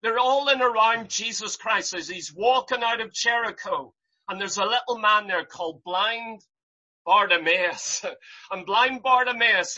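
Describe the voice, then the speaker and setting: Impassioned preacher, bright voice, lo-fi. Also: mid-range voice, husky. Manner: impassioned, repetitive rhetorical questions, rising to loud cries. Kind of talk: sermon.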